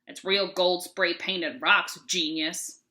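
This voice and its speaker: A woman puts on a grouchy old man from a children's storybook, sneering at kids in a mean Philadelphia accent. He is gruff and snide and sounds bright and sharp-edged. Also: on the low side, fairly even intonation, slow. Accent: mean put-on Philadelphia accent. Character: cranky old man who hates children.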